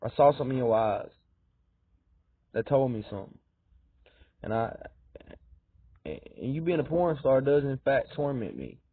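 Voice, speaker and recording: A man rambling through a fervent, repetitive monologue, swinging between loud insistence and low muttering. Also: big pitch swings, moderate pace, pauses often, slightly rough, no echo. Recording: tinny phone-like dry recording.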